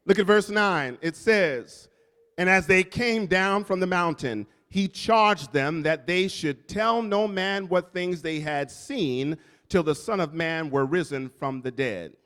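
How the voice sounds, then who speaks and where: A man's voice: high-pitched, takes it slowly, fairly bright tone, smooth. A male pastor preaching a sermon, calling out to the congregation and repeating key lines for emphasis. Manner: preaching with call-outs to the congregation. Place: church sanctuary. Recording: long reverb from a church hall.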